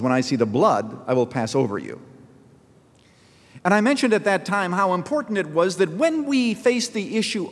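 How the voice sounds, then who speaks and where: A man's voice: on the high side, big-room sound. A man preaching a sermon as a pastor, telling a story earnestly and pressing hard on key phrases.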